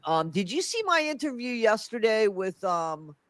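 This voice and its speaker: A high-pitched man hosts a casual livestream, his voice stuffy and congested. He talks haltingly, restarting his sentences. The sound is dry and close. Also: very animated, fairly bright tone, no room sound. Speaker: livestream host.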